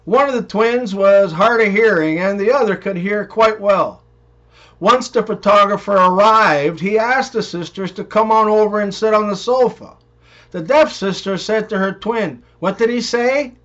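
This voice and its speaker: A man reading one-liners and joke stories in an even, unhurried way. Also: high voice. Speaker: joke narrator. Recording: dull, muffled recording.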